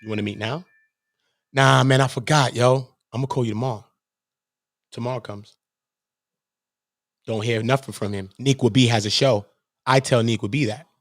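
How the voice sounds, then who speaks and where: A man's voice: mid-range voice, normal speed, pauses often, no room sound. A man from Brooklyn with a New York accent, hosting his own channel in a heated, profane rant, repeating himself and acting out what others said. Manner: animated, repetitive, profane, acts out quoted voices. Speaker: channel host.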